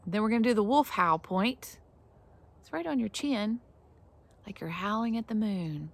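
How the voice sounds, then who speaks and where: A woman teaching a tapping exercise to children, speaking slowly and encouragingly and praising them often. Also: mid-range voice, animated, gravelly. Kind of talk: gentle instruction for kids.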